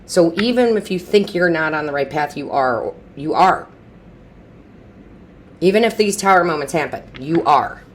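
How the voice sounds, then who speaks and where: A woman's voice: deep voice, expressive, normal speed, a little hiss or hum. A woman giving an intuitive tarot reading in a chatty, reassuring way, repeating phrases for emphasis and often restarting mid-sentence. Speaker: tarot reader.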